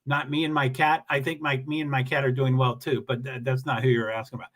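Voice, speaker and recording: A man's voice: mid-range voice, flat delivery, quick pace, fairly bright tone. A man hosting a casual livestream, greeting viewers and reading their comments, talking in a rambling, self-deprecating way with many restarts.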